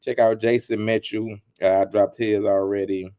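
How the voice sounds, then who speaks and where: A man's voice: on the low side, level tone, normal speed, mellow. A man hosting his channel, retelling a story with teasing jokes, repeating lines and acting out quotes. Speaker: channel host. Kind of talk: animated storytelling commentary.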